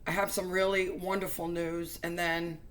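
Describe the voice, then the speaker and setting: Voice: mid-range voice, level tone, moderate pace, a bit bright. A religious vlogger giving an emotional personal testimony to viewers, speaking earnestly and fervently with stumbling restarts.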